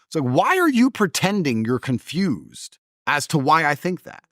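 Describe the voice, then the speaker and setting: A man talking as an interview guest in a forceful, opinionated way. He is blunt, swears, and mimics other people's voices in his stories. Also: a little high, wildly swooping pitch, moderate pace, no room sound, clean studio sound.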